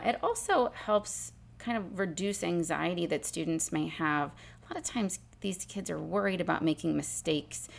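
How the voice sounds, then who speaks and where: A woman teacher calmly explaining a spelling exercise step by step, sounding out letters and sounds as she goes. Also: fairly low pitch, vocal fry. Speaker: literacy teacher. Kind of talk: instructional demonstration.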